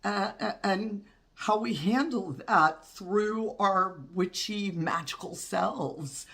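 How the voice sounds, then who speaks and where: A woman in her fifties talks slowly and candidly in a casual vlog. Her voice is gravelly and congested from a cold, and she rambles as she goes. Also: medium pitch, a bit bright. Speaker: witchcraft channel host.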